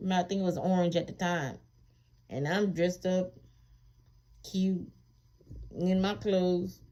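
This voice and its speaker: A woman casually telling a personal story to viewers, emphatic and colloquial, repeating phrases for emphasis and growing animated when she recalls being wronged. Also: medium pitch. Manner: animated when reliving indignation. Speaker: vlogger sharing her immigration experience.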